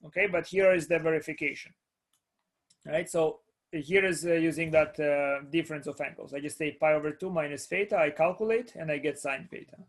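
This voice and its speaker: Halting man lecturing math. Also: on the high side, steady tone. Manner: halting, repeats words, checks in with students. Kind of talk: live classroom lecture.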